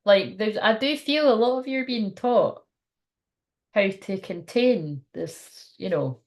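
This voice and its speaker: A woman's voice: mid-range voice, expressive, slow pace. A young woman giving a casual, frank tarot reading on a livestream, laughing often and swearing now and then. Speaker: tarot card reader.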